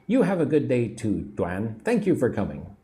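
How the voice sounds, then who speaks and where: An American man in his forties teaching English on a livestream, slowly repeating phrases and drilling pronunciation. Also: mid-range voice, wildly swooping pitch, dark tone. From United States. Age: 40s. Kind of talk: livestream English lesson, reading viewer comments.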